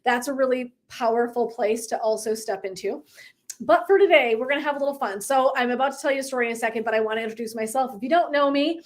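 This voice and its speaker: A woman's voice: on the high side, quick pace. A middle-aged woman wellness coach chatting casually on a live stream, telling a story with frequent laughter. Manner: bubbly, laughing often, animated storytelling. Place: indoors at home, seated in a chair.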